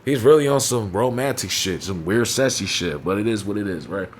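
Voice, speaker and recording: Blunt, profane man with a low voice. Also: expressive, fairly quick, slight background noise. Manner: blunt, profane, dismissive, leans on "you know what I'm saying". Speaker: wrestling show reviewer. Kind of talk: casual profane recap commentary.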